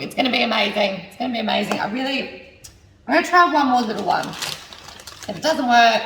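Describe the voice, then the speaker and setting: Young woman vlogger, lively and a bit gravelly, talks to herself while cooking, recorded from a distance in a roomy kitchen. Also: on the high side. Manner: chatty, thinks aloud while cooking, swears when frustrated. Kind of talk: casual cooking chat. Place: home kitchen. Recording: echoey kitchen, mic at a distance.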